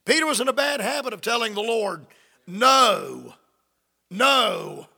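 A man's voice: very high-pitched, fast talker, bright, forceful tone, long reverb tail. A man preaching a fervent sermon, reading scripture and acting out the quoted lines.

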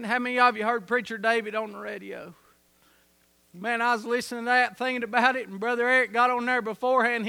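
Gravelly high-voiced preacher. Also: male voice. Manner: storytelling sermon, rising to loud emphatic peaks. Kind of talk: sermon.

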